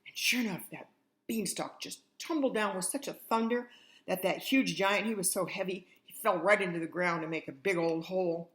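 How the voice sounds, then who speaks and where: An older woman reads a children's story like a grandmother would, chatting away and speaking right to the little ones. She has a lowish voice and a moderate pace.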